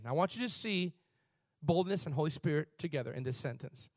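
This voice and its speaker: A man preaching a sermon in an animated, conversational way, shifting from soft asides to shouts. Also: a little high, brisk, no room sound, clean studio sound. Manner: conversational, laughs and repeats words. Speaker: pastor.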